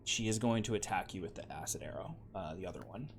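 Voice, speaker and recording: A man running a tabletop game as game master, talking in an easygoing, halting way with many fillers and restarts. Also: sits low, expressive, a little hiss or hum.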